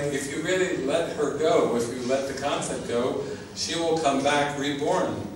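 A man's voice: on the high side, moderate pace, few pauses. A man giving an informal spiritual talk as a teacher, earnest and often laughing, repeating his words. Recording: echoey, distant mic with background noise.

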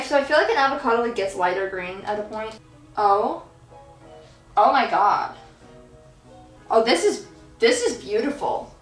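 Young female vlogger, rambling giggly chatter, slightly high voice, roomy echo. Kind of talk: casual chat while painting. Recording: echoey room with soft background music.

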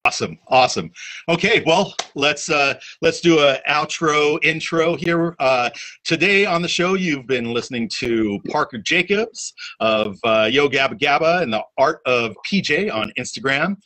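A man hosting a podcast in casual chat, telling a story in a halting way with many "uh"s. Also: a little high, animated, bright, forceful tone, rough recording. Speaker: podcast host.

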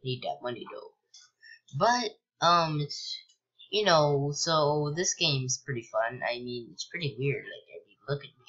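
A young man casually commentating a video game he's playing, rambling with lots of ums and likes and sudden excited yelps. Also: on the high side, a little slow, dull audio. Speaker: gameplay commentator. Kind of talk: casual let's-play commentary.

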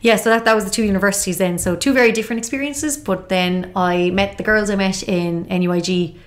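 A woman in her thirties from Galway, Ireland, with an Irish accent, speaks quickly in a medium-pitched voice as a podcast guest. She tells her own story candidly, reflective and open, with lots of "like" and "kind of."

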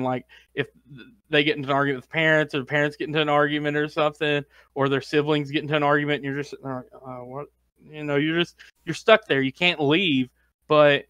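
A man co-hosting a podcast in casual chat, telling rambling anecdotes full of "like" and quick laughs. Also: a little high, a bit bright, no room sound. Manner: rambling anecdotes, heavy use of "like", laughs often. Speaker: podcast co-host.

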